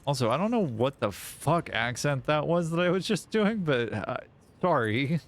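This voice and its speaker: A man's voice: a little high, sing-song, normal speed. Rambling, foul-mouthed male game streamer. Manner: rambling, self-mocking, swears often. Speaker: live streamer playing a factory game. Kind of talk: casual rambling stream chat.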